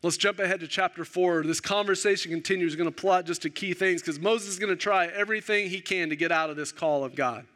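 A male pastor preaching a sermon, animated and self-deprecating, acting out the dialogue of the story. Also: high-pitched, fast, few pauses.

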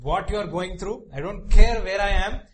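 A man preaching a sermon while voicing a selfish young prince who loudly and childishly demands what he wants. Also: sits high, moderate pace, noisy background, pitched above the performer's own voice, close to an everyday voice. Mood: demanding. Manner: loud, childish, insistent demanding.

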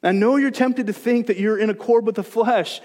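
A man with a high voice preaches a sermon to his congregation. He drops to soft, gentle reassurance, then rises to loud, emphatic exhortation. His voice rings in the long reverb of a church sanctuary. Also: normal speed. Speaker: pastor.

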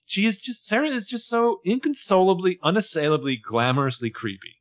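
A man's voice: sits high, a little fast. A man co-hosting a podcast, recapping a TV episode in casual chat and acting out characters' lines. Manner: animated, acts out characters' lines. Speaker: podcast co-host.

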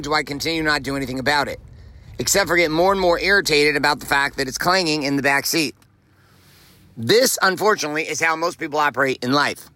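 Driving while he records, a man hosts a motivational podcast from his car, with no room sound on the track. His voice is a little high, pushed and bright, and he talks bluntly and emphatically, swearing freely and repeating phrases for punch in a profane motivational monologue.

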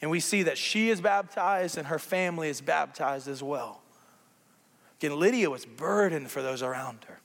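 A man preaching a sermon as pastor, conversational and animated, with playful asides to the congregation. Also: fairly high pitch, normal speed, big-room sound.

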